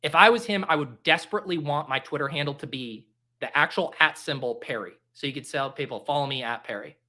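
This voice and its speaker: A man hosting a live stream, making casual commentary full of jokes and quick exclamations. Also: fairly high pitch. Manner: animated, joking, quick exclamations. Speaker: livestream host.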